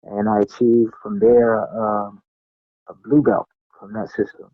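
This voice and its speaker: A man's voice: on the low side, a little slow, dry recording. Middle-aged man telling stories, lo-fi. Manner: animated, lots of fillers and restarts, acts out what people said. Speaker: podcast guest, martial artist. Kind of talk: casual storytelling. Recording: dull lo-fi sound, dry.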